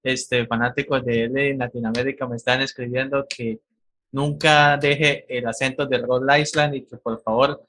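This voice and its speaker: Brief: man, mid-pitched interview host, measured question delivery. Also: flat delivery, fairly bright tone.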